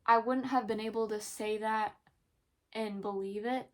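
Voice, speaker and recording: A young woman talking hesitantly in a personal confessional vlog, pausing often and searching for words. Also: fairly high pitch, fairly even intonation. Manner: hesitant, halting, many pauses and fillers; emotional, soft-spoken. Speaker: vlogger.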